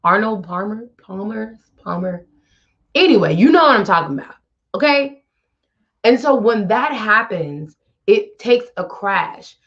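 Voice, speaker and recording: With a mid-range, slightly bright voice and big pitch swings, this woman speaks a little slowly; the highs are cut off. Hosting a wellness show, she chats bluntly in casual motivational talk straight to the listener.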